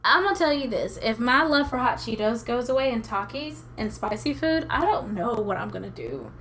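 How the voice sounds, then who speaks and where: A woman's voice: a little high, sing-song, a little fast, fairly bright tone, slight background noise. A young pregnant woman co-hosting a podcast, joking and swearing in casual banter. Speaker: podcast co-host. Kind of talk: casual chat.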